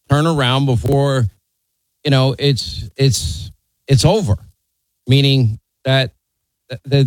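A man's voice: medium pitch, dry recording, rough recording. A man hosting a call-in radio talk show, blunt and opinionated, teasing his callers. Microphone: studio mic.

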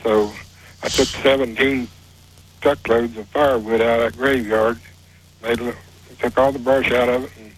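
A man calling in to a talk show, plain-spoken and halting as he tells his story. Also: mid-range voice, steady tone, rough recording. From West Virginia. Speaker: caller. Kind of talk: telling a personal story on a call-in show.

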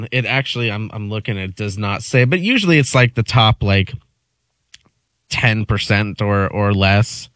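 A man's voice: on the low side, lively intonation, unhurried, a bit bright, no room sound. A man chiming in on a casual radio chat, speaking in a matter-of-fact, slightly hesitant way.

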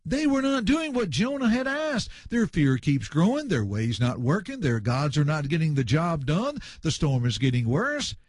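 A man's voice: fairly high pitch, normal speed, hardly any pauses, dry recording, clean studio sound. A man preaching a sermon, explaining a scripture passage verse by verse. He talks in an emphatic way, returns to the same refrains and calls his listeners friends. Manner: animated, emphatic, repeats refrains.

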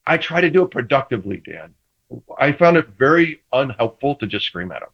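Man, former quarterback, animated storyteller, playful quoted banter, dull lo-fi sound. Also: mid-range voice, brisk, breathy edge. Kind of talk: casual sports talk.

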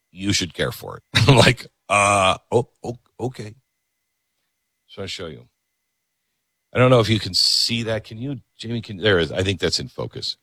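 A man's voice: deep voice, no room sound. A man hosting a talk radio show, delivering an opinionated monologue with sarcasm and mocking asides. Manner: sarcastic, mocking, rising into mock-shouting.

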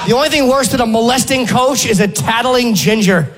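A man's voice: very high voice, fairly quick, noisy background. A man doing a blunt, sarcastic stand-up routine. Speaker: stand-up comedian.

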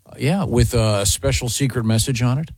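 A man's voice: mid-range voice, breathy edge, no echo. A man hosting a morning radio show, chatting and reading a live ad with many fillers. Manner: relaxed, halting with fillers.

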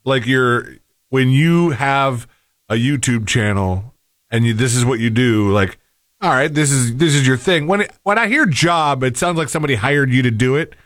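A man's voice: medium pitch, animated, normal speed, a bit bright, no room sound, clean studio sound. A man co-hosting a podcast, chatting casually and pushing back with skeptical remarks. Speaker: podcast co-host. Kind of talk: casual chat.

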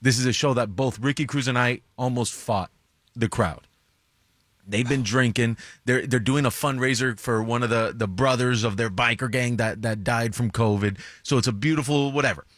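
A man, a stand-up comedian, telling a story in casual chat on a podcast, jumping into high voices to quote people. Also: moderate pace, a bit bright, no echo, clean studio sound. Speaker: comedian guest.

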